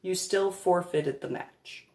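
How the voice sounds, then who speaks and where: A woman's voice: on the low side, slow pace, a little mellow, echoey room. A woman telling a comedic story in a sarcastic, giggly, mock-patient manner. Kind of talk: comedic anecdote monologue.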